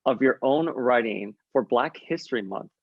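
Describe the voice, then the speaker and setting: Playful Miami-accented host, dull dry sound. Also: male voice, medium pitch, lively intonation, vocal fry, husky, no echo. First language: Spanish. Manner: laughing easily, quick, playful. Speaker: podcast host. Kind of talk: casual chat, interviewing.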